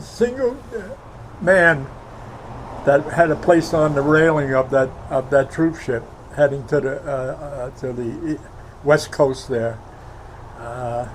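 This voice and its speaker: A man in his nineties from Brooklyn, recounting his war memories in an interview, halting with many fillers and heartfelt. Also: on the high side, slight background noise, poor audio. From Brooklyn, New York. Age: 90s. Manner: heartfelt, emotional recollection. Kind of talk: oral history interview.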